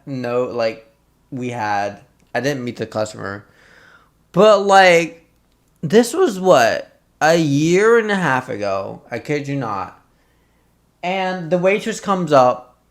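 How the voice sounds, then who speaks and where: A man streaming casual reaction commentary, laughing often, swearing, and telling stories with animation. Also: on the high side.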